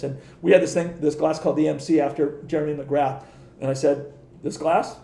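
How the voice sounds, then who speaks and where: A middle-aged man with a gravelly, fairly high voice spins rambling stories as a podcast guest. He acts out what people said, trips over restarts and swears freely. The sound is dark and mellow, caught in an echoey room. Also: steady tone, a little fast. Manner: rambling anecdotes, acts out quoted dialogue, frequent restarts, swears. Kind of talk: casual interview storytelling.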